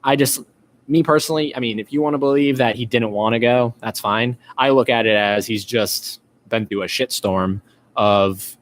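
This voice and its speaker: A man's voice: medium pitch, normal speed. A man hosting a live-stream podcast, chatting casually and reading out viewer comments, with lots of fillers and restarts. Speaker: podcast host.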